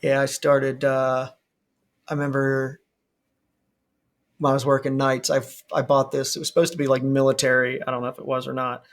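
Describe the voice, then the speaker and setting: A man hosting a podcast in casual chat, telling lively stories, swearing freely and laughing often. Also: medium pitch, moderate pace, long pauses. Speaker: podcast host.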